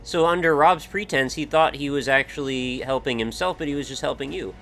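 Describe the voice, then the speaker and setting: A man's voice: mid-range voice, brisk, a bit bright, faint music behind. A young man chatting casually over a card game, teasing the others and telling stories with animation. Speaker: player.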